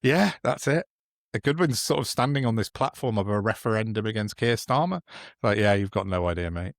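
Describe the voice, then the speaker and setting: A sardonic man chats about politics on a podcast, his voice sitting low. He mocks his targets with frequent chuckles. The sound is close and dry, with no room around it. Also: animated, brisk, creaky, dry recording. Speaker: podcast co-host. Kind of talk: casual political chat.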